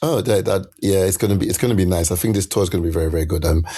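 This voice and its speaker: A middle-aged man, a guest musician, chatting casually in an interview and telling animated stories with lots of restarts. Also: deep voice, rapid-fire, slightly rough. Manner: animated storyteller with many restarts.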